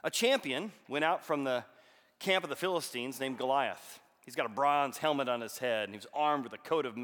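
A man preaching a sermon, telling a story and reading scripture aloud with bursts of loud emphasis. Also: mid-range voice, a little fast. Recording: long hall reverb.

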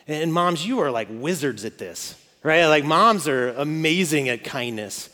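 A man's voice: on the high side, expressive, unhurried, bright, forceful tone. A man in his forties preaching a casual, joking sermon to mothers, checking in with the crowd often. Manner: conversational and joking, with frequent "okay?" and "right?". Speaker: pastor. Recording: long hall reverb.

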